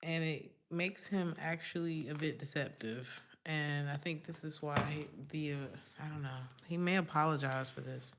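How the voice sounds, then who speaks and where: A woman's voice: sits low, moderate pace, hardly any pauses, a bit bright, slight background noise. A woman giving a live-streamed tarot reading in a casual, chatty way, calling the viewer honey. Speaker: tarot reader.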